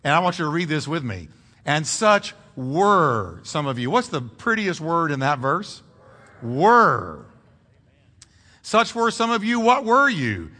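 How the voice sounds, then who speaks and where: A man preaching a sermon as pastor, animated, drawing call-and-response from the congregation. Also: a little high, unhurried. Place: church sanctuary. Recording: reverberant church hall.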